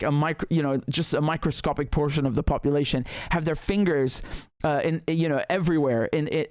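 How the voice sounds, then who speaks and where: A man's voice: fairly high pitch, a little mellow, no room sound. Heated, emphatic male livestream host. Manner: heated, emphatic, with frequent restarts. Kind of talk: livestream political commentary.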